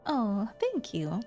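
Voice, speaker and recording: A woman's voice: fairly high pitch, a little mellow. A woman streamer chatting casually with her chat between visual novel lines, friendly and giggly, thanking viewers.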